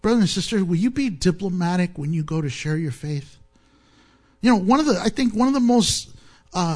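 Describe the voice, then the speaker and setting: A man preaching a sermon, animated and joking, often laughing at his own asides. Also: high-pitched. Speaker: pastor.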